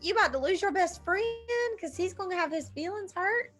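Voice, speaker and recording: A woman's voice: very high-pitched, a little fast, a bit bright, soft background music. A young woman co-hosting a casual video-call chat, making blunt, teasing quips. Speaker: co-host.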